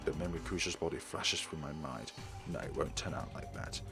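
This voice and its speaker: A man hosting a let's play, reading a visual novel's first-person narration aloud in a steady, quiet way. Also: very deep voice, fast. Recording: game music underneath.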